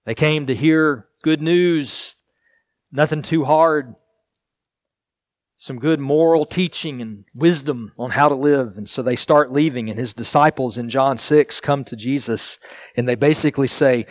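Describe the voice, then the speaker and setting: A male pastor delivering a sermon in an earnest, deliberate way, leaning on repetition and pauses for emphasis. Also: medium pitch, dry recording.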